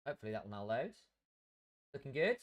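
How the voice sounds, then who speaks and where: A man's voice: mid-range voice, big pitch swings, fast, muffled recording. A man streaming a game live, chatting casually to viewers and muttering to himself while he fiddles with his settings.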